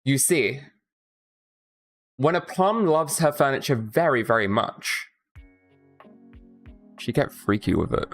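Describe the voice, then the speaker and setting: A woman's voice: rumbling low, expressive, slow, long pauses, faint music behind. A woman streaming a video game, chatting casually and rambling with her viewers, often swearing. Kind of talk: casual live-stream chat.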